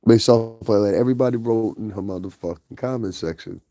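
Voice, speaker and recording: Speaking straight to his viewers, a male commentary vlogger with a Northeastern US accent dishes out casual gossip in a blunt, profane manner. His voice is fairly low and mellow, and his pace is brisk. The recording is close and dry, with no echo or room sound.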